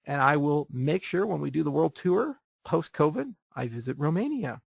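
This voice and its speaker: Gravelly, blunt-talking man answering questions. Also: on the high side, animated, normal speed, dry recording, clean studio sound. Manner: blunt, joking, profane. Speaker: host answering viewer questions. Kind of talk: casual livestream Q&A.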